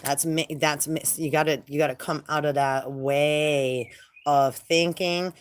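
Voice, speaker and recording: A woman talking casually and rambling in a slangy, animated way as she channels spiritual messages. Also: low-pitched, unhurried, clear, resonant tone.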